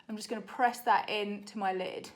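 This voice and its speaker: A young British woman, a makeup artist, chatting to camera in a rushed, laughing tutorial while doing her makeup. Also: medium pitch, fairly even intonation. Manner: chatty, rushed, laughing under time pressure.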